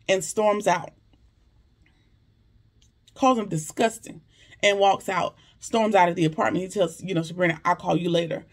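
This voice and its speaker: A TV episode reviewer casually recapping a drama, animated and slangy, acting out characters' lines in asides. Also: medium pitch, creaky, breathy edge.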